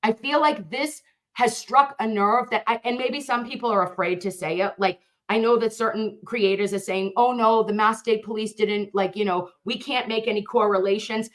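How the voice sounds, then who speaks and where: A woman's voice: medium pitch, fairly even intonation, normal speed. A woman hosting a livestream, reading viewer comments aloud and speaking fervently, with emphatic repeated phrases.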